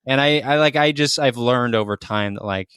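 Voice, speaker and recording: A man hosting a podcast in casual chat, affirming his guest with quick agreement and halting restarts. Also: mid-range voice, a bit bright, clear, resonant tone, no room sound, studio quality. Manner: affirming, stammering restarts, laughs easily. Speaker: podcast host.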